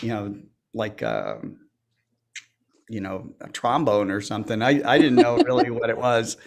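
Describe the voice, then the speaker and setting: A man's voice: lowish voice, expressive, a little slow, gravelly, noisy background. A man co-hosting an astronomy livestream, chatting casually and poking fun at himself, laughing often between rambling remarks full of fillers. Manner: joking, self-deprecating, laughs often; loose and rambling with many fillers. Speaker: co-host of an astronomy community livestream. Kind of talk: casual chat.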